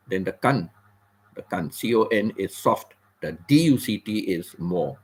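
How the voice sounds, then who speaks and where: A man hosting a casual livestream, explaining words patiently and repeating phrases, with the occasional throat clear. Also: lowish voice, lively intonation, normal speed. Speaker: livestream host. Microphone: computer or phone mic, seated.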